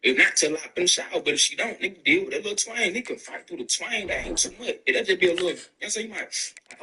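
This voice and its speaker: Animated, bright-voiced male gaming streamer. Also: sits high, fast talker, distant mic, slight background noise, low-quality recording. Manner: animated, profane, slangy storytelling. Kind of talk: casual rant while gaming.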